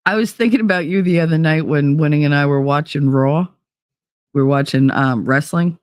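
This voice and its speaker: A woman's voice: low voice, a little fast, a little mellow, dry recording, studio quality. A woman hosting a livestream talk show, chatting casually with her audience as a blunt, profane, laughing storyteller who slips into put-on accents. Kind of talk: casual chat to a live chat audience.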